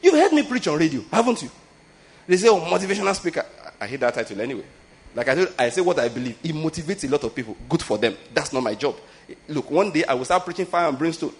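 A man's voice: high-pitched, breathy edge. A man, preaching a conversational sermon and often asking listeners whether they get his point. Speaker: pastor.

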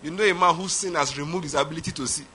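A man preaching a sermon, emphatic, swinging from loud declarations to quiet asides. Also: fairly high pitch, very fast, a little hiss or hum. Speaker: pastor.

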